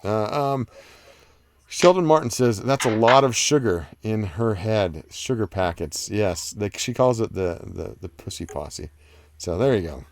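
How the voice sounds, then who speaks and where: Reading live chat comments aloud on his stream, this man rambles casually with lots of fillers and restarts. His voice is lowish, animated and a little slow, with slight background noise.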